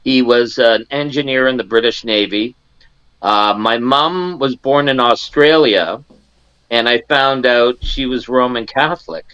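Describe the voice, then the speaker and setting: A man's voice: medium pitch, measured pace, bright, forceful tone, clean tone, no room sound, highs cut off. A man in his sixties from Canada, a guest in an interview, telling a personal story and acting out the family members he quotes, with many restarts. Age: 60s.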